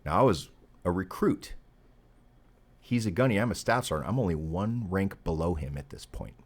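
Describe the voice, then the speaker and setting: A middle-aged man appears as a podcast guest, telling a casual, profane military anecdote with plenty of animation. He speaks at a normal speed in a low, husky voice.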